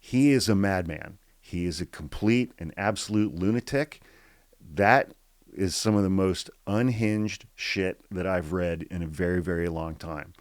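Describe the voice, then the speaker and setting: A man hosting a podcast of political commentary, swearing freely and reading quotes aloud in a flat, calm tone. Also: sits low, unhurried, no echo, studio quality. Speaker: podcast host.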